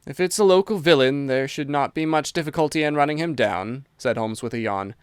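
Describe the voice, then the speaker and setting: A man voicing a sharp, dry-witted male detective who speaks in a measured, thoughtful way. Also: fairly high pitch, smooth, dry recording, close to an everyday voice. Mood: musing.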